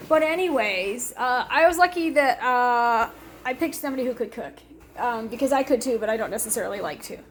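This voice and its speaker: A woman's voice: a little high, lively intonation, fairly quick, a little hiss or hum. A middle-aged woman hosting a casual home cooking demonstration in her kitchen. She rambles chattily through asides and laughs often. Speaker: home cooking show host.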